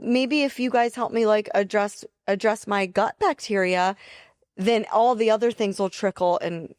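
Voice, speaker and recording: A woman co-hosting a podcast, chatty and animated, laughing easily between points. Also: medium pitch, normal speed, no room sound, clean studio sound. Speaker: podcast co-host, nurse. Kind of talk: casual podcast chat.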